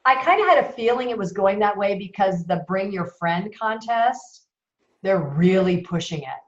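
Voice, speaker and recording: A chatty woman telling a story on a call, her pitch swinging up and down as she talks. She sounds animated and confiding. The call audio is roomy and a little dull. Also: moderate pace. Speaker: member on a call. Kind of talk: casual chat.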